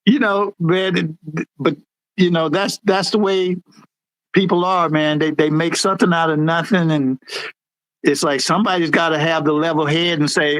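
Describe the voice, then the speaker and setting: A man's voice: fairly high pitch, fairly even intonation, moderate pace, fairly bright tone, dry recording, poor audio. A middle-aged man, a guest on an interview, reminiscing in a rambling, easygoing way with lots of "you know, man" asides. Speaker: guest, former supervisor.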